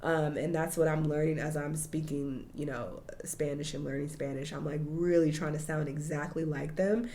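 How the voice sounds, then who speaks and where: A woman's voice: low voice, steady tone, normal speed, few pauses, warm tone, a little hiss or hum. A woman talking casually and animatedly as she reacts to a clip, with a loose, swear-dotted delivery. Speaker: reaction video host.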